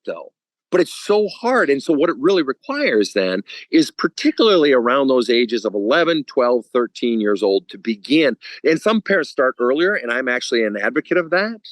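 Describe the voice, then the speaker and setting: A man's voice: medium pitch, no echo, low-quality recording. A man speaking as a guest counselor on a podcast, talking bluntly with casual swearing and acting out stories. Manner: blunt and profane, animated storytelling.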